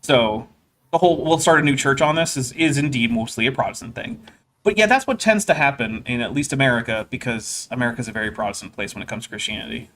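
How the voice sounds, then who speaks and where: A man hosting a livestream in casual chat, talking in an animated, rambling way. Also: mid-range voice, fast talker, a little hiss or hum. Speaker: livestream host.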